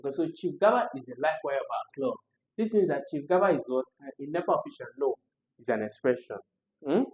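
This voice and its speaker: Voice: mid-range voice, animated, brisk, darkish tone. Chatty Nigerian exam tutor, muffled. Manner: chatty, laughs often, asks rhetorical questions.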